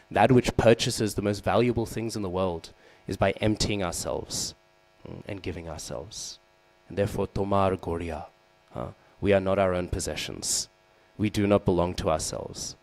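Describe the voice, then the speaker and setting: A man's voice: low-pitched, a little mellow, rough recording. A man giving a sermon as he tells a devotional story, acting out the figures and asking the listeners questions, often adding "right?" and "hmm?". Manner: storytelling, acts out the quoted figures. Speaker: speaker giving a scripture class.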